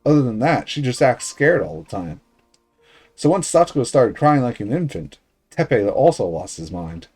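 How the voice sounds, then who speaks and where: Animated male streamer reading a story game. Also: mid-range voice, moderate pace, husky, soft background music. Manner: lively reading with casual asides. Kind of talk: reading a visual novel aloud with comments.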